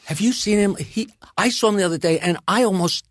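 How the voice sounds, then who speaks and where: Podcast guest, male, high voice, dry mic, lively anecdote teller. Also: dry recording. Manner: animated anecdote teller with quick asides. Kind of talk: casual storytelling.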